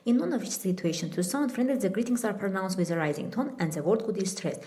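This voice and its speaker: A young woman student from Armenia reads a lesson on how greetings are spoken. Her voice is mid-pitched and mellow, and her delivery is low-key. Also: lively intonation, fast talker, hardly any pauses. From Artsakh, Armenia. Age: young adult.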